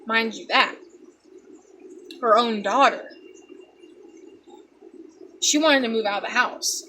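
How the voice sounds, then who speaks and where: A young woman tells a personal story straight to her viewers in a loose, rambling way, acting out the voices of the people in it. Her voice is bright and sits a little high. A faint hiss of background noise runs under the recording. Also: takes it slowly. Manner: animated, rambling, acts out quotes. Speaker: vlogger telling a personal story. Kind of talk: casual storytelling to camera.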